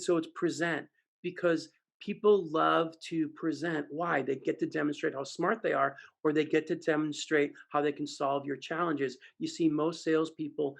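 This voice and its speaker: A man's voice: fairly high pitch, gravelly. A man giving a conference keynote as a sales trainer, telling stories and acting out the voices of audience members. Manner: animated, acts out voices of audience members in a story.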